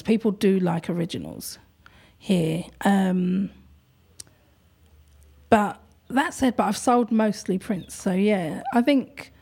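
A woman who runs an art gallery, talking in a thoughtful, hesitant way with many pauses and ums. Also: mid-range voice, a little mellow, husky. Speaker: gallery owner. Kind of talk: casual conversation.

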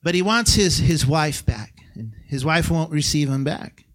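Preaching man, swings from shouts to hushes. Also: a little high, expressive, unhurried. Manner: conversational preaching with sudden shouted peaks and hushed drops. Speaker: guest pastor. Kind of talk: sermon. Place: church sanctuary.

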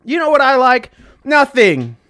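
A man's voice: extremely high pitch, sing-song, a little slow, sharp tone. Crude ranting podcast man. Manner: crude, sarcastic, swears constantly, mocks in exaggerated voices. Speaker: podcast host. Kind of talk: profane comedic rant. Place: in a truck.

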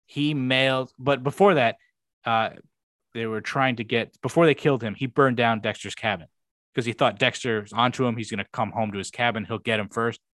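A man's voice: medium pitch, fairly even intonation, normal speed, fairly bright tone, no echo. A young man co-hosting a podcast, rambling through a show recap in casual chat, swearing freely and acting out quoted lines. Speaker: podcast co-host.

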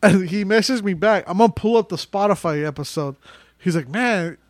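A man's voice: high-pitched, a little fast, no room sound. A man co-hosting a casual podcast, telling loose, laughing stories with lots of swearing. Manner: loose storytelling, heavy swearing, frequent laughs. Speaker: podcast co-host.

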